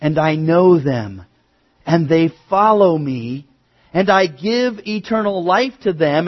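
A male pastor preaching a sermon, moving from quiet asides to emphatic raised declarations. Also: fairly high pitch, very animated, unhurried, breathy edge, highs cut off.

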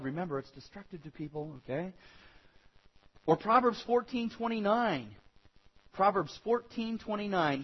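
A man preaching a sermon as pastor, animated and acting out quoted voices, with a husky voice. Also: sits high, highs cut off.

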